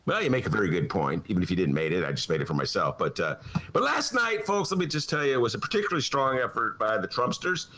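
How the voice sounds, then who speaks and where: A man hosting a comic political talk show from his attic, sarcastic and animated, with a Chicago accent. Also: fairly low pitch, quick pace. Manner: sarcastic, animated, jumps between mock voices and asides. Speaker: podcast host. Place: home attic studio.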